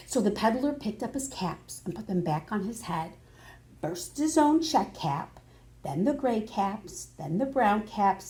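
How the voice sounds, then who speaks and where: A librarian reading a picture book aloud to children, expressive, with dramatic gasps and prompts for the kids. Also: female voice, fairly high pitch. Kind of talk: storytime read-aloud for children.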